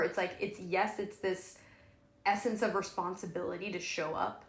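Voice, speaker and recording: A woman's voice: on the low side, little pitch movement, normal speed, fairly bright tone, reverberant. A woman co-hosting a podcast in casual chat, candid and often laughing, trailing off and restarting, with frequent swearing. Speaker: podcast co-host.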